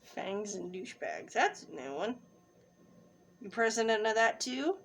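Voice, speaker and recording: A woman's voice: mid-range voice, big pitch swings, measured pace, creaky, slight background noise. A woman player in a tabletop role-play, making dry, wry remarks in character.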